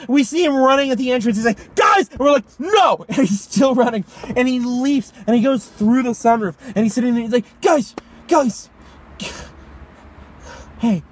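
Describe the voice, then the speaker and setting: Rowdy high-voiced young man telling stories. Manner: rowdy storyteller, acts out voices, laughs a lot. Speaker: podcast co-host. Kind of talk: casual chat.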